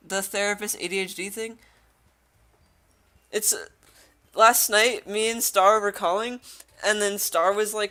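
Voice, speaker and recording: A woman's voice: medium pitch, sharp tone. A young woman streaming a game, chatting casually with her viewers and reading the game text aloud. She giggles a lot. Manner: giggly, chatty, laughs often.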